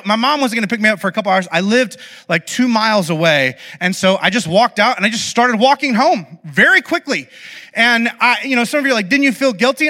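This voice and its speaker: A man with a high, sharp, bright voice delivers a lively, self-deprecating story sermon. He keeps breaking off to joke with the congregation. The sound carries a long reverb from a big church hall. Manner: animated, self-deprecating, fast asides to the audience. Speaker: pastor.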